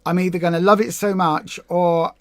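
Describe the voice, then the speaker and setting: A woman co-hosting a casual livestream chat, talkative and excitable with quick asides. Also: on the low side, no room sound. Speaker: co-host of a weight loss livestream.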